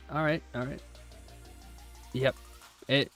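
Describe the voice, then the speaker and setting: A man's voice: fairly high pitch, expressive, unhurried, long pauses, fairly bright tone, faint music behind. A man chatting casually with his live-stream viewers as a futures day trader, reading their comments aloud and joking at his own expense. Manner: chatty, self-deprecating, reads out chat comments.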